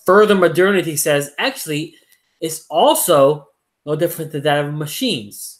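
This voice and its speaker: A man co-hosting a podcast chats casually, rambling with plenty of fillers and repeated words. His voice is a little high and animated, at a moderate pace.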